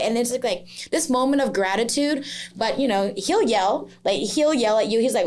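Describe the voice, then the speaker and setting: A woman's voice: a little high, expressive, normal speed, darkish tone. Chatty young woman chef, laughing easily. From Laos. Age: young adult. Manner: chatty, laughs often, lots of "like" fillers. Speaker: chef and guest. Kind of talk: casual podcast interview.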